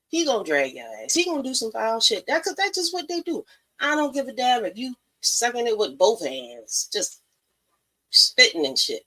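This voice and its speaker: A woman's voice: on the high side, fairly bright tone, low-quality recording. Blunt, profane woman giving advice. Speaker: podcast host. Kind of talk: casual live-stream monologue.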